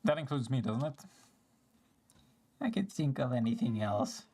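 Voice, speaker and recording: A woman's voice: extremely low pitch, animated, a little slow, noisy background. A woman streaming live, reacting to a game cutscene with sarcastic quips and jokes.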